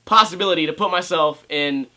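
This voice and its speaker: A young man vlogs from home about skateboarding, ranting sarcastically, swearing, and often mimicking other people's voices. His fairly high voice moves a little fast and sounds pushed and bright.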